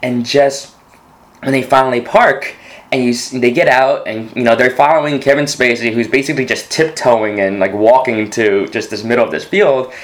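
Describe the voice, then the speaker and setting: A man co-hosting a podcast, casually discussing a movie and excitedly retelling a scene with lots of restarts. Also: medium pitch, normal speed. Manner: animated retelling, full of restarts. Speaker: podcast co-host.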